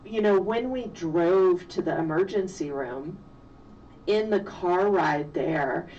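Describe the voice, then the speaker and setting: A middle-aged woman, a physician and mother, telling a personal story slowly and reflectively in an interview. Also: fairly low pitch, darkish tone. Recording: distant, dull lo-fi sound with faint noise.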